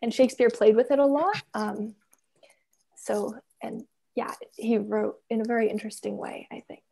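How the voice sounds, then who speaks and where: A young woman from Canada with a slightly high voice, talking casually over a video call. She explains things carefully and hesitantly, leaning on lots of filler words. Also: moderate pace, gravelly, warm tone. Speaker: co-author and reader. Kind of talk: casual conversation.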